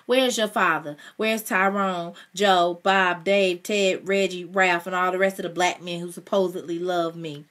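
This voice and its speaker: A woman's voice: fairly low pitch, fairly even intonation, measured pace, few pauses, fairly bright tone. Weary single mom, blunt, tired and defensive, a woman reading her lines. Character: weary, blunt working-class single mother.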